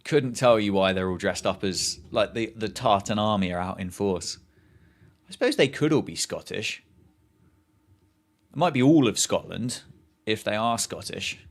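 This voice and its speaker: A man's voice: lowish voice, animated, normal speed. A man hosting a live cricket watchalong, chatting casually, joking and reacting to play and viewer comments.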